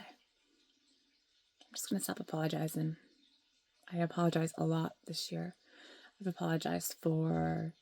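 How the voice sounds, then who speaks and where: At home, a woman talks into a handheld camera or phone about her grief in a candid vlog, raw, rambling and emotional, sometimes sinking to a whisper. Her medium-pitched voice has vocal fry and a darkish tone.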